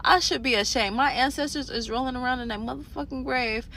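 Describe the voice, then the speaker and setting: A woman telling a profane, animated story in a casual storytime rant from a parked car, speaking into a phone. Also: sits high, fairly quick, slight background noise. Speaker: storyteller vlogger. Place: parked car in a parking garage.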